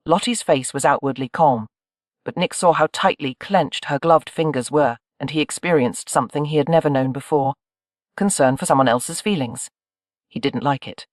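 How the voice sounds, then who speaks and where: An audiobook narrator reading a historical romance in an even, measured way. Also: medium pitch, no echo, studio quality. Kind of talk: scripted narration.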